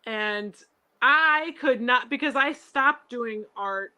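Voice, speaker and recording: A woman's voice: fairly high pitch, slow, bright, forceful tone, clear, resonant tone. A woman poet chatting casually on a show, effusive, giggly and rambling. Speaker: poet, co-host guest. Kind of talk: casual chat.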